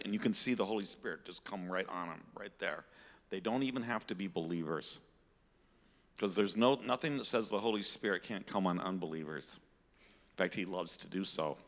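A man teaching about faith in a casual conversation, expressive as he points things out to those listening. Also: lowish voice, fairly quick, big-room sound. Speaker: ministry teacher.

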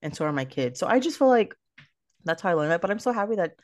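A woman's voice: fairly low pitch, sing-song, quick pace, darkish tone. A woman podcast co-host, a working mother, chatting frankly, laughing often and swearing. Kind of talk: casual chat.

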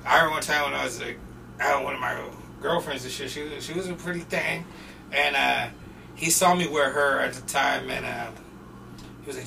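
A man's voice: medium pitch, fairly quick, creaky, distant mic. A man from Portland telling profane, laughing stories as a podcast guest, recorded off-mic in a noisy room. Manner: profane, laughing, animated storyteller. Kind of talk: casual storytelling chat.

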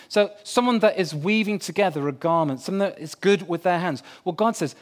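A man's voice: sits high, brisk, hardly any pauses. A man preaching a sermon in a conversational way, putting questions to his listeners. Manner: conversational, asks the crowd questions.

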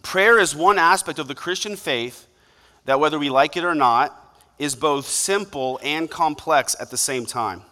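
A young man delivers a sermon in a casual, conversational way, slipping into quick acted-out asides. His voice is bright and forceful and sits a little high for a man. The sound rings with a long hall reverb. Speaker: pastor.

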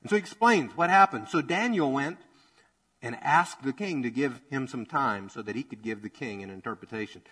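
A man preaching a sermon in a church, energetic and conversational, joking and acting out quotes as he goes. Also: medium pitch, normal speed, rough recording. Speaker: pastor.

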